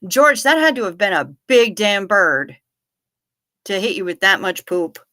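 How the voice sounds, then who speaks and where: Chatty woman streamer rambling thru a story, bright voice, dry close sound. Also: mid-range voice, big pitch swings, a little slow, dry recording. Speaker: livestream host. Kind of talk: casual chat with live chat.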